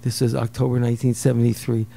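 An older man from New York telling a personal story in an interview, lively and acting out the people he quotes. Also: mid-range voice, fast, creaky. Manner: animated, acts out quoted voices, repeats words. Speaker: guest storyteller.

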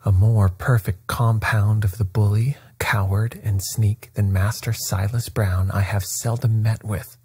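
A man voicing a coolly confident male detective in a bedtime story reading, calm and faintly ironic. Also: lowish voice, a little slow, hardly any pauses, slightly rough, no echo. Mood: dry.

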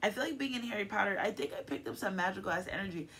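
Speaking rapid-fire with lively intonation, a tarot reader in a medium-pitched, fairly bright voice reads cards casually for her audience against a faint hiss or hum. Affectionate and effusive, she turns emotional often and keeps checking in, frequently asking "okay?"

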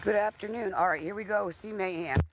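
A woman's voice: medium pitch, fairly quick, background noise. A young woman vlogging outdoors in a rural yard, chatting casually with plenty of swearing and cooing at dogs, recorded on a handheld phone. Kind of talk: casual vlog talk.

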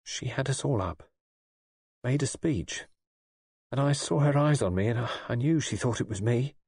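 A man's voice: mid-range voice, lively intonation, moderate pace, husky, dry recording, clean studio sound, pitched above the performer's own voice. A man voicing a shy, distressed young woman who speaks hesitantly, in an audiobook reading. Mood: anguished. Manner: soft, hesitant, faltering. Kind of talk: audiobook dialogue.

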